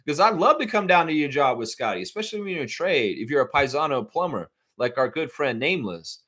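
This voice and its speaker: A man's voice: on the high side, expressive, fairly quick, hardly any pauses. A man hosting a live fan stream, reading chat and ranting with heavy swearing. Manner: fired-up, profane ranting that swings loud. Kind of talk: casual fan reaction stream.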